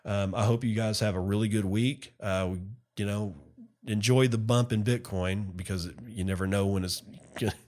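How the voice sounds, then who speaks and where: A man's voice: on the low side, fairly even intonation, moderate pace, darkish tone. A man hosting a solo podcast, talking casually and bluntly, ranting and loose with fillers. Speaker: podcast host.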